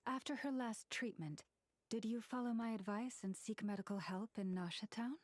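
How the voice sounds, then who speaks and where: A woman voicing a gentle female moon priestess healer in a breathy near-whisper, calm and solemn, in whispered role-play. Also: fairly high pitch, normal speed, no room sound, studio quality, close to an everyday voice. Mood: calm counsel.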